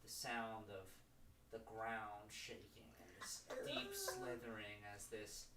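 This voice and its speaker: A man's voice: on the low side, huge pitch swings, slow pace. A man running a tabletop game as game master, narrating scenes with building suspense. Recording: roomy, distant mic with background noise.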